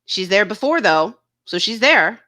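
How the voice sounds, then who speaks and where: Woman host, casual chat-reading commentary; bright, sharp tone, blunt and fed up, swears a lot. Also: mid-range voice, big pitch swings, a little slow. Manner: blunt and indignant, swears freely. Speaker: YouTube channel host.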